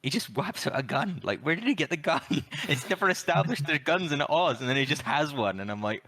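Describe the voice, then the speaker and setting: A man's voice: fairly high pitch, lively intonation, a little fast, a bit bright, no room sound. A man co-hosting a podcast, reviewing a film in casual chat, swearing often and laughing as he retells scenes. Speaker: podcast co-host.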